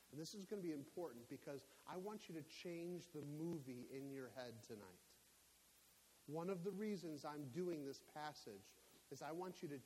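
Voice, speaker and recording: Emphatic high-voiced preacher in an echoey hall. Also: male voice. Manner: emphatic, rising to near-shouts on key points. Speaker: pastor. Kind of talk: sermon. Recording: echoey hall with faint hiss.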